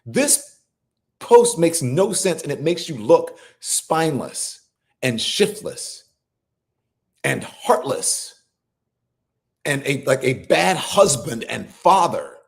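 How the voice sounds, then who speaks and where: A man's voice: a little high, very animated, takes it slowly, vocal fry, long pauses. A middle-aged man hosting a live political commentary show, scolding and incredulous, swearing freely as he argues. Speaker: host.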